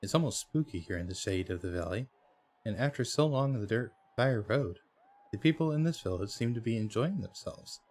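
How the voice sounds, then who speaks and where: A man's voice: on the low side, lively intonation, a little fast, a little mellow. A man hosting a let's play, reading the game's story text aloud with hesitations and frequent self-corrections. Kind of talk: reading game text aloud while playing.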